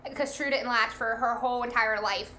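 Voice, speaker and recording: A young woman tells a story casually with lots of energy, acting out every quoted line. Her voice sits a little high and sounds bright and forceful. A faint hum of ambient noise stays underneath. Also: a little fast. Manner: animated, lots of "like", acts out quoted lines. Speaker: guest telling a birth story.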